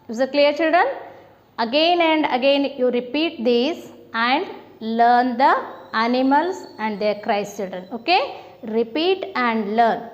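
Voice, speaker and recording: A woman with a Kannada-influenced Indian accent teaching an English lesson to young children, slowly coaxing them with questions and praise. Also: high-pitched, lively intonation, big-room sound, muffled recording. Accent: Indian, Kannada-speaking. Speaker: primary school teacher.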